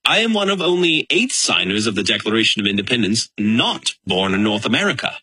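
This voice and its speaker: A man's voice: fairly low pitch, sing-song, a little fast, bright, forceful tone, slightly rough, dry recording, full character voice, low-quality recording. A man playing a proud, honor-bound revolutionary signer, speaking in a dramatic, emphatic historical monologue. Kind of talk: first-person historical monologue.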